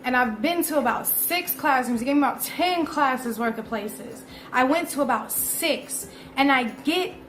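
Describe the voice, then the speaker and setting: A woman in her twenties, a vlogger telling a storytime, animated and profane, who keeps calling her viewers y'all. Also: high-pitched. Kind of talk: casual storytime. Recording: echoey room.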